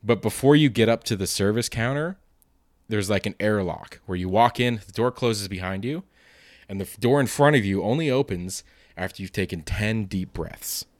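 A man's voice: fairly low pitch, normal speed, no room sound, clean studio sound. A man in his late twenties hosting a casual solo monologue, rambling, swearing often and poking fun at himself. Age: late 20s. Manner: rambling, profane, self-deprecating.

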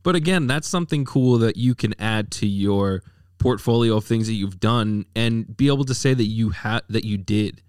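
A man's voice: on the low side, moderate pace, darkish tone, clean tone, no echo, studio quality. A man hosting an interview, asking casual questions and offering supportive remarks. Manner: supportive, short acknowledgements. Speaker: interviewer host.

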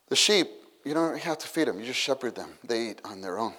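A man preaching a sermon, retelling a story with lively acted-out exclamations and asides to the listeners. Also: mid-range voice, fairly quick, hardly any pauses. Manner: animated storytelling, acts out scenes with exclamations.

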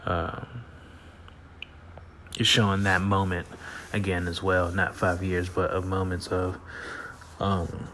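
A man's voice: low voice, little pitch movement, takes it slowly, pauses often, a bit bright, a little hiss or hum. A man hosting a casual solo podcast at night, rambling in a laid-back way with fillers and frequent laughs, sleepy and yawning. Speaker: podcast host. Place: at home at night.

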